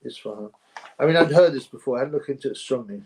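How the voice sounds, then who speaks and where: A man's voice: medium pitch, fast talker, a little mellow. A man from England hosting a boxing livestream, reading viewer comments aloud in a rambling, blunt, mocking way with many restarts.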